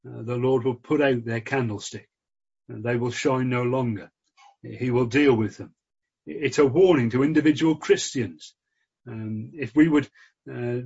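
A man preaching a sermon in an earnest, measured way, with frequent fillers. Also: mid-range voice, a little mellow, slightly rough. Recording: dull lo-fi recording.

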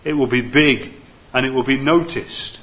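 A man preaching a sermon, earnest and gentle, with many "uh" fillers. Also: medium pitch, moderate pace, highs cut off.

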